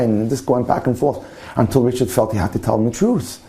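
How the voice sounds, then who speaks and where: A man's voice: mid-range voice, brisk, dark tone. A man, a rabbi and lecturer, telling a story with passionate, dramatic storytelling.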